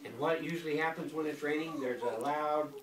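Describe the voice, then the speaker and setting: An older grandfather reading a picture book aloud to a school class in a playful, animated way, stopping often to quiz the children. He is recorded from across an echoey classroom full of kids. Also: a little high, a little fast, far from the mic, crowd noise. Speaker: guest reader, grandfather.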